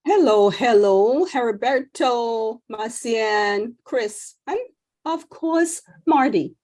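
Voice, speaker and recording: A woman's voice: on the high side, lively intonation, slow, darkish tone. A woman speaking effusively on a webinar panel, praising with devout fervor. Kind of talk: enthusiastic testimonial.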